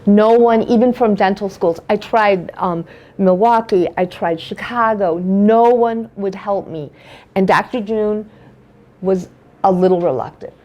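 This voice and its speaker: A woman's voice: mid-range voice, unhurried, warm tone, dull audio. Direction: Restless woman telling her story, tumbling phrases. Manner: tumbling, repetitive storytelling with frequent restarts. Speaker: patient guest. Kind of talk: emotional personal account.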